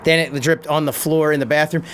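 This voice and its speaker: Podcast guest, middle-aged man: slightly high voice, laughing animated delivery, faint background hiss. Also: brisk. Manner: laughing, animated storytelling with crude language and many restarts. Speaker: podcast guest, pro BMX rider and stuntman. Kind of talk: casual storytelling.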